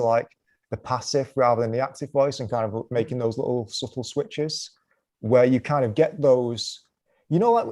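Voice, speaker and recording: A man's voice: medium pitch, mellow. A man calling in to a comedy show, talking thoughtfully and hedging often. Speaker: caller. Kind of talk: casual chat.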